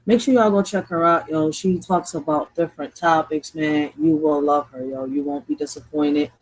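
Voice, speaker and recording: A woman hosting a casual livestream. She swears freely, laughs often and talks straight to her chat in an animated way. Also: sits low, normal speed. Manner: animated, laughing, profane, addresses the chat directly. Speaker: livestream host.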